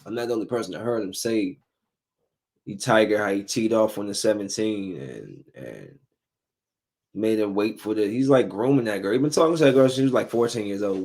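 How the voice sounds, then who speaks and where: Low-voiced man hosting a casual podcast. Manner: loose and animated, acts out quotes. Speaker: podcast host. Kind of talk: casual solo podcast chat. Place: home recording studio. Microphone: studio mic.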